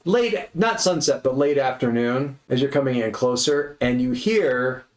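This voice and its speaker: A man's voice: medium pitch, lively intonation, measured pace. A man narrating as game master, describing the scene in a rambling way and often restarting his sentences. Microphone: online session audio. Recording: roomy echo.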